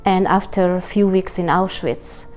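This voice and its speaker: A woman's voice: on the low side, fairly even intonation, unhurried, a little mellow, faint music behind. A woman in an interview, plainly recalling her mother and family recipes.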